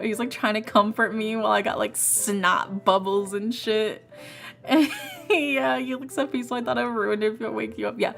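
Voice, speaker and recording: A young woman streamer chatting casually, telling a rambling, animated story with frequent restarts and laughs. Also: a little high, normal speed, creaky, soft background music. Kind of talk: casual storytelling while playing a game.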